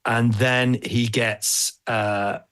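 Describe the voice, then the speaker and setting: Guy hosting a comics podcast, rambling and joking around, mid pitch. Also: extremely slow, clean tone. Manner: animated, rambling and jokey. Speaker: podcast host. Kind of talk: casual podcast chat.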